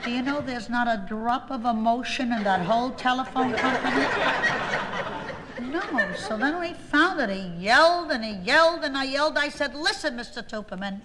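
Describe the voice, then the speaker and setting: Chatty mother with loud hissy echo. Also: normal speed. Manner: chatty, scolds her kids mid-call, sudden shrill yelling. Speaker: mother on the phone. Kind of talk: comic phone monologue. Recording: old recording with loud hiss and long reverb.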